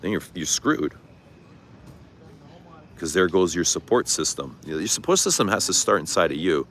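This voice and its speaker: A man's voice: low-pitched, animated, moderate pace, a bit bright. A middle-aged man chatting candidly on a livestream, reading viewer comments and answering with frank, casual talk and some swearing. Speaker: livestream host. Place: outdoors. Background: traffic noise.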